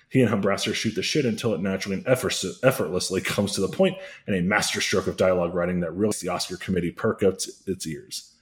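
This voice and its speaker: A man's voice: low voice, fast talker. A man hosting a comedy podcast, recapping a story in a rambling, self-correcting way with dry jokes. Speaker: podcast host.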